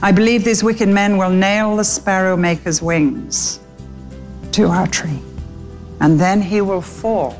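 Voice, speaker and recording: A woman's voice: medium pitch, takes it slowly, darkish tone, faint music behind. A woman voicing a sorrowful father sparrow in a storybook read aloud during a sermon, murmuring solemnly.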